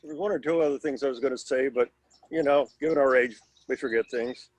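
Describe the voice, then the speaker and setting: A man's voice: medium pitch, fast talker, no room sound. Wry older man telling reunion stories. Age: 60s. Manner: rambling, wry, self-deprecating humor. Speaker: alumnus at class reunion. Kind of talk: casual anecdote on video call. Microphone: video call.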